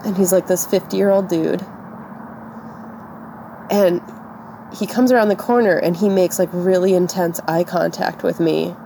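Woman recounting something that happened to her, raspy fry, dark mellow tone, a little background hiss. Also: on the low side, fairly even intonation, a little slow, pauses often. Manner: tearful and shaken, voice breaking; casual, lots of "like". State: crying. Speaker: podcast co-host. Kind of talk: personal storytelling.

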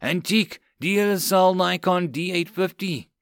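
A man's voice: high voice, normal speed, dry recording, studio quality, pitched above the performer's own voice. A man voicing a nervous young male photographer who stutters in broken English.

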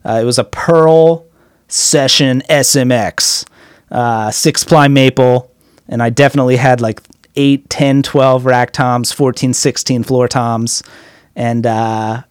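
A young man in his twenties casually telling rambling stories about drumming and touring, swearing freely and getting excited in asides. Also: mid-range voice, smooth, no room sound, studio quality. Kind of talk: casual storytelling.

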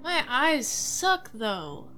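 A woman playing a bright, scrappy little adventurer. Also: high voice, very animated, drawn-out words, faint music behind, heavily acted. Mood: scheming. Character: small scrappy adventurer with poor eyesight.

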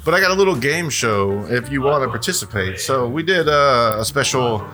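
A man's voice: medium pitch, expressive, normal speed. A man hosting a podcast in casual joking chat, rambling and stumbling over words with frequent laughter. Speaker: podcast host.

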